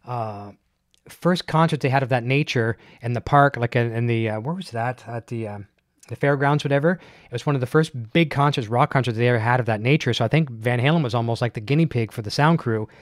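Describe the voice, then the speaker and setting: A man hosting a live online show, chatting casually and excitedly while unboxing, with many fillers and restarts. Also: mid-range voice, brisk, no room sound, studio quality. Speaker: host of a live gear show.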